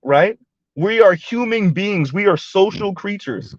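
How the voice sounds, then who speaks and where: A man's voice: high voice, lively intonation, measured pace, no echo, highs cut off. A man, giving blunt casual commentary to a live chat and often asking "right?". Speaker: live stream host.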